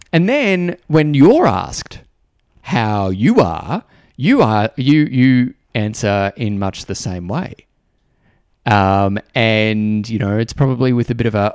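Man, podcast host, slow and thoughtful with restarts, lively pitch, dry close sound. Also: clean tone, no room sound. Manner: reflective and conversational, with frequent restarts and repeated words. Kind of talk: solo podcast monologue.

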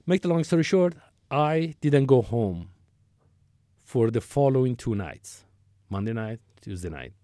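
A man's voice: mid-range voice, lively intonation, measured pace, long pauses, warm tone, no room sound, studio quality. A man in his sixties telling a long work story as an interview guest, rambling, with restarts and acted-out dialogue. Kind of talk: conversational storytelling.

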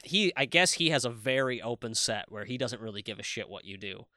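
A man co-hosting a podcast in casual chat, excitable and swearing freely with quick asides. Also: medium pitch, no room sound, clean studio sound. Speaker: podcast co-host.

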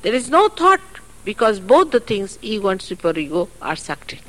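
A woman giving a spiritual talk at a public program, earnest and chatty, with asides and soft laughs, heard on an archive recording. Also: mid-range voice, very animated, normal speed, poor audio. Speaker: spiritual teacher. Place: public hall.

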